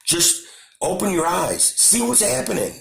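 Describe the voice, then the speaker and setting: A man from the United States rants to camera with impassioned, repetitive fervor. His voice sits a bit high and carries a gravelly fry. The room around him rings with echo. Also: big pitch swings, a little slow. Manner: impassioned, repetitive, shouting at times. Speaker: channel host. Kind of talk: angry political rant to camera.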